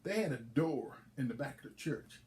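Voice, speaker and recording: A man's voice: mid-range voice, moderate pace. A man, a league commissioner, chatting casually and telling a folksy joke. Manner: folksy, relaxed storytelling.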